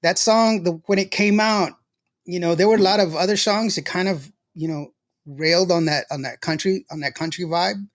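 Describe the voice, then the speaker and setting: A man with a high-sitting voice hosts a casual livestream, talking at a normal speed. He's chatty and laughs often while telling stories.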